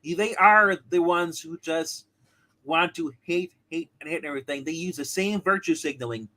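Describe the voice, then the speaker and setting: A man's voice: on the high side, moderate pace, pushed and bright, low-quality recording. A man co-hosting a casual TV review show, rambling with many restarts and rants. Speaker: co-host of a show reviewing comics and TV.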